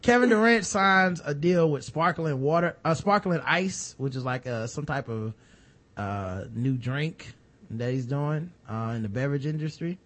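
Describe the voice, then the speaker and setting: A man in his thirties talks casually as a co-host, his voice sitting notably high. He is animated and slangy, and he keeps slipping into little acted quotes of other people. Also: unhurried. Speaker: podcast co-host. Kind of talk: casual chat.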